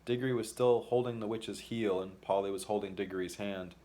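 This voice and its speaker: A man with a fairly low voice reading a children's fantasy story aloud. His narration is expressive and measured, with a steady storytelling rhythm. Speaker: audiobook reader. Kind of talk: audiobook narration.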